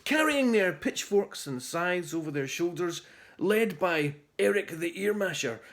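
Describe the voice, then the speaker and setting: Animated man reading a children's book. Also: sits high. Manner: animated, theatrical. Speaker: author reading his book.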